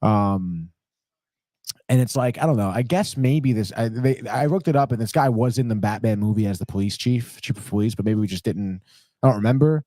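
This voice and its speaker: A man hosting a podcast, giving a rambling, profane, animated recap of a TV episode and dropping into quick impressions. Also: on the low side, no echo, clean studio sound. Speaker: podcast host. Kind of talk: casual recap chat.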